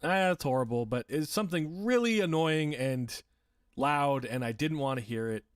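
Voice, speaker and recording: A man's voice: fairly high pitch, lively intonation, moderate pace, clean tone, no room sound, clean studio sound. Rambling man streamer, distant mic. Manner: rambling, self-deprecating, laughs often, swears. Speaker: livestream host. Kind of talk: casual livestream chat, reading viewer comments.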